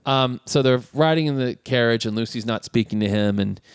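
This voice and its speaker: A man's voice: fairly quick, clean tone, no echo, studio quality. A man co-hosting a podcast, chatting casually about a film, laughing often and acting out lines. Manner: animated, laughs often, acts out lines in high voices. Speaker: podcast co-host. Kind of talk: casual chat recapping a film.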